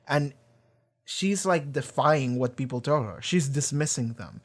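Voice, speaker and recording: A man hosting his own channel, talking casually with rambling, animated delivery and casual swearing. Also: a little high. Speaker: reaction channel host. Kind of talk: casual discussion.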